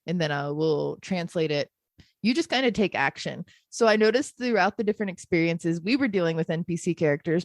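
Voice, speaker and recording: A woman with a somewhat low voice chats on a podcast in long, lively run-on stories. She leans easily into laughter, and the sound is close and dry. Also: dry recording. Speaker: podcast co-host. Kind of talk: casual chat.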